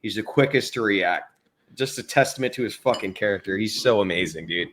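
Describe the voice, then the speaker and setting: A man's voice: fairly low pitch, brisk, a bit bright, a little hiss or hum. A man co-hosting a casual film review chat, gushing enthusiastically and swearing for emphasis. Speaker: film review podcast co-host.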